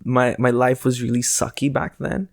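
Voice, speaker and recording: A man's voice: medium pitch, little pitch movement, normal speed, vocal fry, no echo, clean studio sound. A man co-hosting a podcast in casual chat, rambling and self-mocking. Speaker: podcast co-host.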